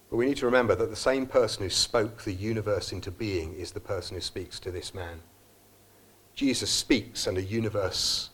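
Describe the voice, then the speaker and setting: A man's voice: on the low side, breathy edge. Guy preaching a sermon in church, earnest, thinks aloud, voice swings up and down a lot. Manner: earnest, reflective, with some restarts. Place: church service.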